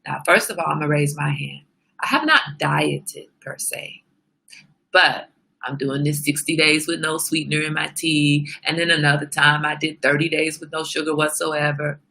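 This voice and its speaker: A woman's voice: low voice, steady tone, moderate pace, vocal fry, pushed and bright, husky. A woman hosting a casual livestream, chatting straight to her viewers. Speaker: livestream host.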